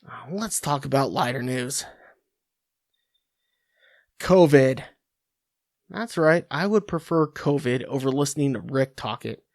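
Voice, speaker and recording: A man's voice: medium pitch, animated, a little slow, vocal fry, long pauses, dry recording, studio quality. A man hosting a sports podcast, delivering a crude, sarcastic rant from his home office into a computer mic. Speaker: podcast host.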